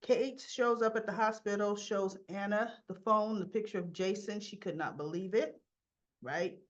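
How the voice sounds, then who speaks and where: A woman casually recapping a soap opera episode, acting out the characters' lines, with a cough and frequent throat clearing. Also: medium pitch, moderate pace, muffled recording. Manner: chatty, acts out characters' lines in quotes.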